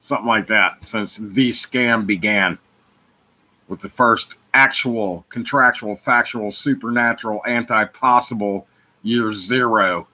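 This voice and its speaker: A man hosts his own show solo, wandering through a free-associating monologue full of rhyming wordplay, sinking to mutters and then bursting out loudly. His pitch is fairly low and his pace a little slow, and the audio quality is poor.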